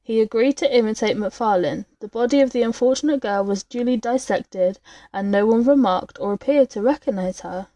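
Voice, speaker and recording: A woman reading a classic story aloud in a measured, dramatic way as its storyteller. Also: fairly high pitch, warm tone, dry recording. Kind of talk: scripted story narration.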